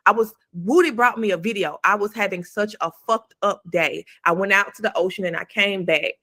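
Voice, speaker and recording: A woman's voice: mid-range voice, brisk, bright, forceful tone. A woman co-hosting a podcast, giving blunt, emphatic advice in casual talk and swearing freely. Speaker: podcast co-host.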